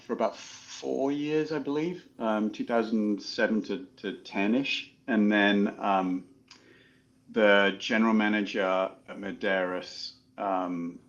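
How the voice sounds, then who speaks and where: Low-voiced English-raised man, chatty. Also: dull audio. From England. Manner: chatty, laughs while telling stories. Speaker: golf coach. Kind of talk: casual interview storytelling.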